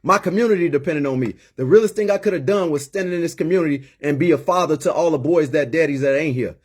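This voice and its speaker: A man in his late thirties speaks with a husky, slightly raised voice. He talks in an emphatic, preachy way and stacks up repeated words as he builds each point, like a mentor pleading with his listeners. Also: on the high side, quick pace, darkish tone. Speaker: former inmate turned community mentor. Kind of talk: impassioned personal monologue.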